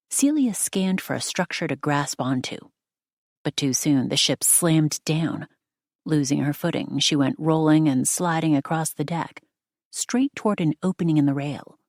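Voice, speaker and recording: A woman narrates an audiobook from a script, telling the story in a steady, measured way. Her voice is low, and the recording is clean studio sound with no room sound.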